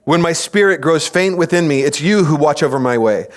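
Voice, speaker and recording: A man preaching a teaching sermon in a church, telling stories in an animated way, acting out quoted voices and asking the congregation questions. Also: on the high side, a little fast. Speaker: pastor.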